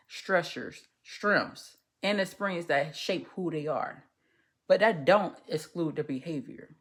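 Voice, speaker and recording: A woman hosting a casual commentary podcast, speaking as a social worker, candid and rambling, swearing freely and tripping over her words. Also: low voice. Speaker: podcast host.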